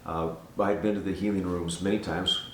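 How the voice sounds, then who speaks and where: Low-voiced older man telling a testimony. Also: moderate pace, background noise. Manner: earnest, animated storyteller who repeats himself. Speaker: guest giving a testimony. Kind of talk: casual spoken testimony. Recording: roomy sound from a distance.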